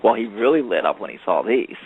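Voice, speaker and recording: A man's voice: fairly low pitch, sing-song, fast talker, slight background noise. Rambling man on a phone line. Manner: rambling storyteller, many fillers, acts out quoted voices. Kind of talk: casual chat.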